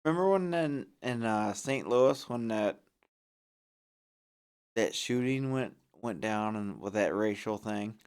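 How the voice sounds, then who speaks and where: A man's voice: lowish voice, lively intonation, takes it slowly, darkish tone, clean tone. A male podcast guest chatting casually, starting over as he recalls events. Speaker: podcast guest, pile driver. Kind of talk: casual chat.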